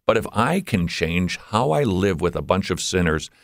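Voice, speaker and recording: A man from Minnesota, a guest on a ministry program, quick-witted and joking, then earnest when he explains his views. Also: low-pitched, sing-song, vocal fry, no room sound, studio quality. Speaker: guest, Christian radio host. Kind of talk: conversational interview.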